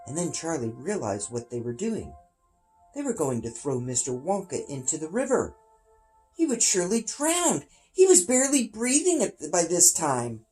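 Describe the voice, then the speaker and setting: A man reading his own story aloud, dramatic and expressive. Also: fairly high pitch, moderate pace, faint music behind, poor audio.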